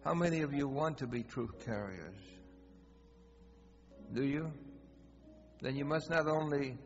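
A gravelly-voiced man pastor tells a story in his sermon, acting out each exchange with animation. His voice carries through a church hall with a long echo and a dull, muffled tone. Guitar music plays clearly behind him. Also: medium pitch, unhurried. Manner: animated, acts out dialogue.

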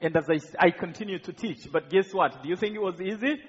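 A high, husky male voice from Rwanda preaches his testimony earnestly, tripping over repeated words. It is captured in a big church hall with a long, ringing reverb and a muffled, dull sound. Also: quick pace. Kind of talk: sermon testimony to a congregation.

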